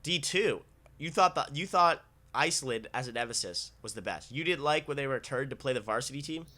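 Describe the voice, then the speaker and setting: A man's voice: mid-range voice, lively intonation, fairly quick, bright, forceful tone. A young man hosting a casual sports podcast, upbeat and teasing his co-host.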